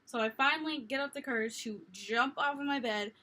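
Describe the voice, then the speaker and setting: A young woman vlogger telling a story in a casual, animated, self-mocking way. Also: high-pitched, brisk.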